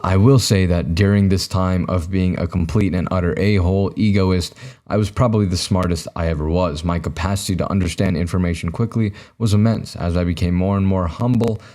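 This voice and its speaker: A man's voice: deep voice, steady tone, a little fast, mellow. A young man hosting a podcast alone, talking to his camera in a rambling, self-mocking way with lots of fillers and restarts. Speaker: podcast host. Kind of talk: solo comedic monologue to camera. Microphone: camera mic, recording himself.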